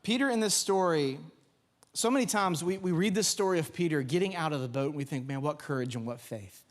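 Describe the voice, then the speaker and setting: Young guy pastor giving a sermon, kinda high voice, animated storytelling. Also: fairly quick. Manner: storytelling, animated, with laughs and shouted quotes. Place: church sanctuary.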